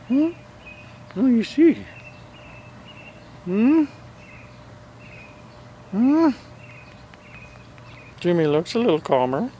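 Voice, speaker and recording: Slow sing-song man coaxing his dogs. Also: high voice, wildly swooping pitch, warm tone, slight background noise. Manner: sing-song baby talk to animals. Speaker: pet owner filming his dogs. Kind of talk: coaxing talk to pets.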